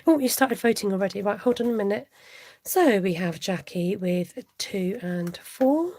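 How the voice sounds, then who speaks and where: A woman hosting a live card-making tutorial, chatting warmly as she reads out viewer votes and laughs often. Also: mid-range voice, expressive, moderate pace, no room sound, clean studio sound. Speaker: card-making livestream host. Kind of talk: live crafting tutorial chat.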